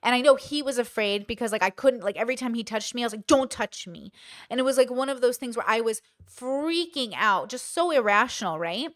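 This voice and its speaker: A woman's voice: a little high, animated, fast talker, few pauses, fairly bright tone, dry recording, studio quality. A woman hosting a commentary channel, telling a personal story candidly in casual talk and acting out quoted lines.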